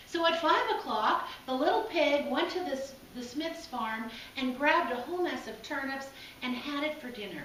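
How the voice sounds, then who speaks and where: A woman preacher with a high voice, relating a folk tale in an easy, folksy storyteller manner. She is picked up from a distance in a big, echoing church hall with a faint hum of room sound. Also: expressive, normal speed, few pauses. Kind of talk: sermon storytelling. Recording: echoey hall, from far off.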